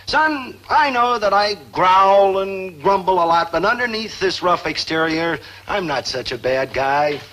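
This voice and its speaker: An actor playing a gruff, blustery middle-aged father with a soft heart, in 1950s sitcom style. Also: sits high, expressive, unhurried, hardly any pauses, exaggerated voice, poor audio. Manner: growling, blustery.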